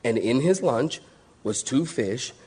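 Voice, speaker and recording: A man preaching a sermon, dropping low then exclaiming, acting out quotes. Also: slow, breathy edge. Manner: animated, swings from low murmurs to high exclaims, acts out quotes. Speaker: pastor.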